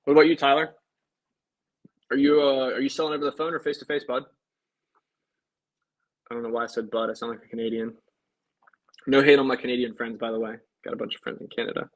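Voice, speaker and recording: A man's voice: mid-range voice, steady tone, quick pace, long pauses, lo-fi sound. Breezy young-sounding salesman chatting on a livestream. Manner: breezy, upbeat, chatty with viewers. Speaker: life insurance agent. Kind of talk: casual livestream talk while making sales calls.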